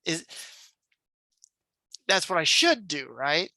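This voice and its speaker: A man's voice: on the high side, big pitch swings, takes it slowly, gravelly, bright, forceful tone, no room sound. A man co-hosting a podcast, tentatively asking questions to check his understanding. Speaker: podcast co-host. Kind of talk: casual discussion.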